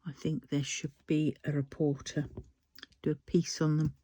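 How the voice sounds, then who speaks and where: A vlogger with a British accent, talking casually while diamond painting and ranting heatedly with frequent swearing. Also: measured pace. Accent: British English. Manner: lively rising and falling pitch when worked up. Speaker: crafting vlogger.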